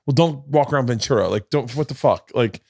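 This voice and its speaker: A man's voice: medium pitch, a little fast, creaky, darkish tone, breathy edge, no echo. Middle-aged male podcast host, storyteller, profane, does quoted voices, dry close sound. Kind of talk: casual chat.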